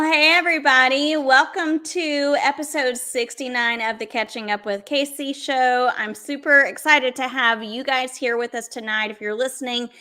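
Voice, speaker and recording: A woman's voice: a little high, bright, forceful tone. A woman hosting a podcast, upbeat and chatty while interviewing a guest. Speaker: podcast host.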